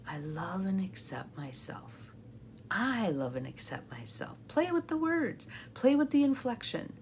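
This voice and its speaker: A middle-aged woman coach leading a guided imagery meditation in a soft, half-whispered, breathy voice. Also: mid-range voice, sing-song, a little slow, a little hiss or hum. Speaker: intuitive guidance coach.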